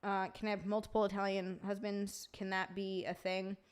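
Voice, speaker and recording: A woman's voice: mid-range voice, little pitch movement, normal speed, clear, resonant tone. A woman hosting a casual livestream, reading chat aloud, swearing and laughing often. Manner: profane, laughing, reacting to chat.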